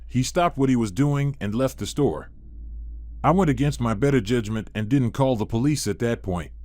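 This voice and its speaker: A man calmly reading a first-person horror story as scripted narration. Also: medium pitch, no room sound.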